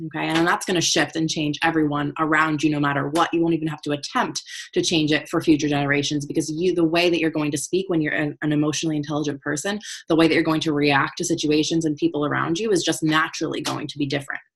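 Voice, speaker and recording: A woman with a low, husky voice gives a motivational lesson on emotional intelligence. She talks plainly and casually, often pausing to ask her listeners "right?" or "okay?", and lets the odd swear word slip. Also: level tone. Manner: conversational, keeps checking in with "right?" and "okay?"; frank, uses casual swearing. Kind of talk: motivational teaching talk.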